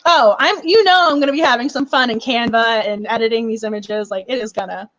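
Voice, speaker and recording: Gushing high-voiced young woman, dry sound. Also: fairly quick, a bit bright, no echo, rough recording. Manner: bubbly and gushing, with frequent laughs and fillers. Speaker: book club live stream host. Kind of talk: casual live stream chat.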